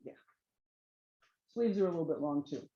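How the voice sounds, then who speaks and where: A woman presenting knitting yarns and jackets to a small audience in a relaxed, chatty way, often trailing off with fillers and restarts. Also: low voice, moderate pace, lo-fi sound. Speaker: yarn shop presenter. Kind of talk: informal trunk show presentation.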